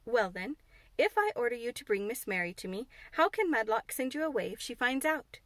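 A woman's voice: a little high, big pitch swings, a little fast, fairly bright tone, dry recording. A woman voicing a spoiled, sickly boy who speaks grandly and gives orders. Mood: demanding. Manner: grand, demanding, peremptory.

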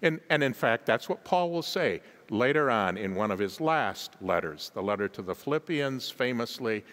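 A guest pastor delivers an emphatic sermon in a large church, asking the congregation to call back to him and chuckling at his own asides. His medium-pitched voice is animated and fairly bright, moving at a moderate pace with few pauses. The sound carries the long reverb of a church hall.

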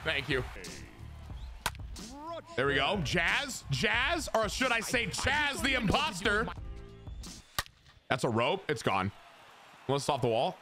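A young man giving joking, excitable commentary on his own gameplay to his chat, with sudden shouts. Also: high-pitched, takes it slowly, pauses often, over music. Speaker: gaming streamer.

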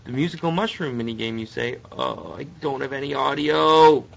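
A young man doing live commentary on a game he is playing, mostly muttering, then breaking into frustrated yells. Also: medium pitch, moderate pace, creaky, lo-fi sound. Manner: swings from muttering to frustrated yelling. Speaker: let's play gamer.

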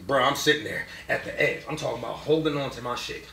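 A young man giving a casual movie review, excitable and profane, often laughing through his words. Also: mid-range voice, quick pace, vocal fry, recorded from a distance. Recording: echoey room, off-mic.

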